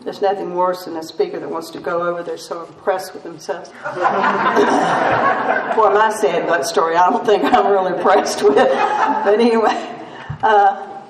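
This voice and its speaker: A woman's voice: lowish voice, steady tone, normal speed, a crowd in the background. An older woman speaking at a recovery meeting, telling her story with self-mocking humor and laughs. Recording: roomy distant mic with faint noise.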